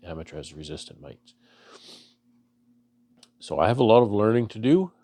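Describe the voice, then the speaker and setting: A man from Canada, a beekeeper vlogger, talking to his viewers in a halting, earnest way with many restarts, emotional and choking up. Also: on the low side, sing-song, warm tone. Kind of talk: casual heartfelt talk to camera.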